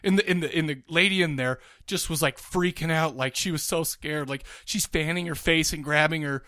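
A man's voice: on the high side, moderate pace, sharp tone, no room sound, studio quality. A man co-hosting a podcast, telling a rambling story in casual chat, full of restarts and laughter. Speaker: podcast co-host.

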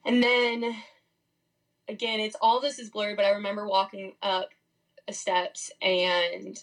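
A woman's voice: medium pitch, little pitch movement, unhurried, a bit bright, low-quality recording. A young woman speaking as a podcast guest, sharing a personal faith testimony in a candid, rambling way full of "like" fillers. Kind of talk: casual testimony.

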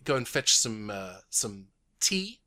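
A man voicing a gracious, shrewd woman prime minister of an alien council in a tabletop game, speaking softly and courteously. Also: lowish voice, very animated, slow pace, full character voice.

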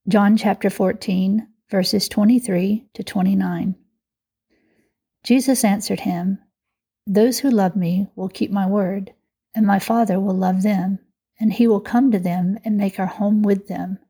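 A woman reads a scripture passage aloud at a steady, even pace. Her voice is warm and mellow, with a soft breathy edge. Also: mid-range voice, measured pace. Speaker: scripture reader. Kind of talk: scripture reading.

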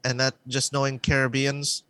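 A man's voice: medium pitch, monotone, normal speed, a bit bright, dry recording. Male co-host, hesitant chatter, medium voice, dry recording. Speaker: podcast co-host. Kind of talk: casual chat.

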